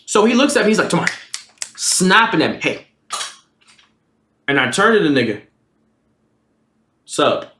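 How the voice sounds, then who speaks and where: Animated man telling a profane story. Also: fast, hardly any pauses, background noise. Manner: animated, profane, jumps high for quoted lines. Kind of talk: casual storytime. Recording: roomy echo.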